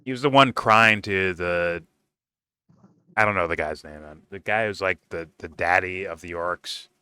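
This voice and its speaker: A man with a low-pitched but bright, crisp voice talks through a TV episode in a loose, profane ramble. He stumbles, restarts and fills gaps as he goes. The sound is dry and close, with no room around it. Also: moderate pace, no room sound. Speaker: TV show reviewer. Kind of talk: casual rambling review.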